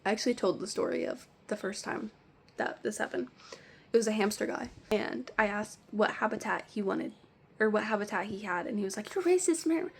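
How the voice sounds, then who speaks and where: A young woman telling pet store stories in an animated, exasperated rant, swearing freely. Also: mid-range voice, brisk, creaky, slightly rough. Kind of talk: storytime rant.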